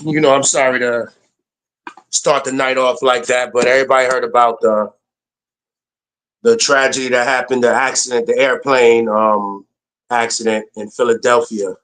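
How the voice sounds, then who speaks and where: A man's voice: medium pitch, fairly even intonation, normal speed, pauses often, fairly bright tone. A man hosting a casual news show, talking in a loose, laid-back way with fillers. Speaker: host.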